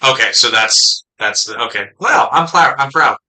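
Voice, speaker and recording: A man co-hosting a podcast with a very bright, forceful tone, playful and quick to joke. He talks in a relaxed, casual way at a middling pitch. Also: rough recording. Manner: playful, jokes in learner Spanish. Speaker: podcast co-host. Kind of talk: casual chat.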